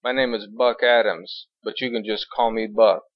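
A friendly, weathered cowboy talks in a Southern drawl, put on by a male audiobook narrator. His voice sits low and flat in a dry, close, slightly dull recording. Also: normal speed, dry recording, natural voice.

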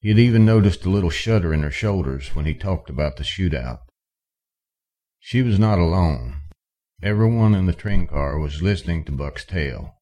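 A male audiobook narrator reads a western in a calm, even pace. His voice sits extremely low. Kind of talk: scripted narration.

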